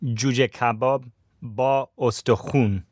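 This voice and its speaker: A man's voice: mid-range voice, steady tone, slow, a little mellow, dry recording, studio quality. Man repeating words in a lesson. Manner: short repeated words, casual. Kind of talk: language lesson repetition.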